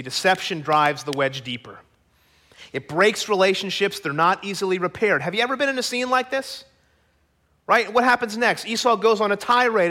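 A male pastor giving a sermon in a high-pitched, bright voice. He tells the story dramatically and keeps checking in with the listeners through rhetorical questions. His delivery slows down and speeds up with the drama.

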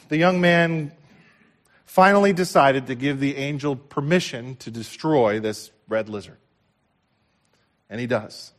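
A pastor with a medium-pitched voice preaches an impassioned sermon, moving from loud declarations to hushed tones and repeating phrases for emphasis.

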